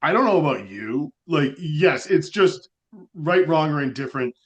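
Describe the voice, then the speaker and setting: A podcast co-host whose voice is on the high side speaks at normal speed. He's animated in casual podcast chat, rambling loosely and using "like" and other fillers frequently.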